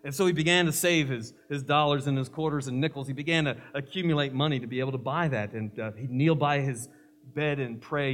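A man's voice: medium pitch, fairly quick, a bit bright. A male pastor preaching a sermon, emphatic, mixing scripture with humorous stories.

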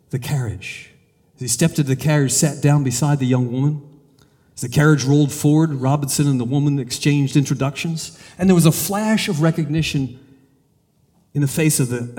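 A man preaching a sermon, telling a story in a measured, earnest way and leading a prayer. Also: medium pitch, mellow, in a large hall.

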